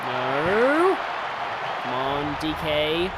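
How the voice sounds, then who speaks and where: A game streamer giving excitable live commentary, often yelling at the game and wandering into chatty asides with lots of fillers. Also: medium pitch, extremely slow, a loud crowd, heavy background noise. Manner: excitable, talks to the game, yells at big moments; rambling asides with many fillers. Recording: game music playing loud under the voice. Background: game music.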